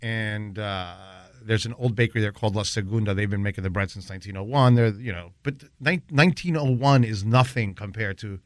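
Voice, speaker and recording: A man's voice: a little fast, hardly any pauses, dry recording, studio quality. A man guest on a casual podcast, telling stories and mimicking people, talking with lots of energy. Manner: animated storyteller, mimics people in high voices. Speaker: guest chef.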